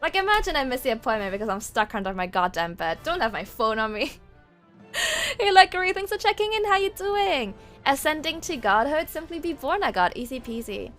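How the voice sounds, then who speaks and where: Woman streamer, high voice, casual rambling chat, quick laughs, light swearing, faint soundtrack music behind. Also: very animated, a bit bright. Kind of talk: casual livestream chat, reading chat aloud. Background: faint game-soundtrack music.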